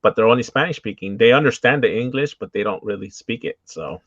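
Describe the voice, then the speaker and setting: A man chatting casually on a live stream, relaxed and quick to laugh. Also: on the low side, no room sound. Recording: dull lo-fi call audio.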